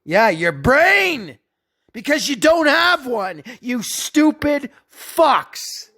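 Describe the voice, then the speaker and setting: Slow, furious, profane ranting man. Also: extremely high pitch, big pitch swings, pushed and bright. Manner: profane, contemptuous, slow and emphatic. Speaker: video narrator. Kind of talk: angry ranting commentary.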